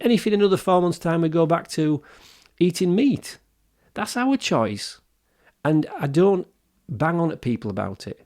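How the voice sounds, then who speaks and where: A man's voice: on the high side, creaky, a little mellow. A man, co-hosting a wellbeing podcast, talking earnestly with lots of restarts. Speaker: podcast co-host. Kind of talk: casual podcast discussion.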